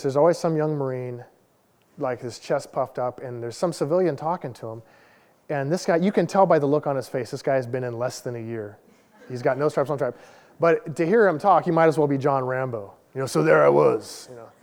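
A man's voice: mid-range voice, darkish tone. Man in his forties preaching in a hall. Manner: casual, self-deprecating storytelling. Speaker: lay pastor. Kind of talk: conversational sermon with personal story. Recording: long hall reverb.

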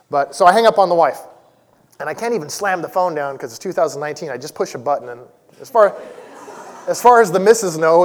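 Male preacher, 40s, slightly higher voice, chatty and self-mocking, long hall reverb. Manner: conversational storytelling with self-deprecating humor. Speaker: church elder preaching. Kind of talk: sermon.

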